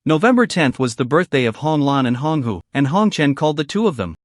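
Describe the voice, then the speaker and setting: A man narrates a story recap, reading every line of dialogue in his own voice. His pitch sits a little high and moves a lot. The sound is dry and close, with no room around it. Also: fairly quick, dry recording. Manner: even storytelling delivery, reads all dialogue in his own voice.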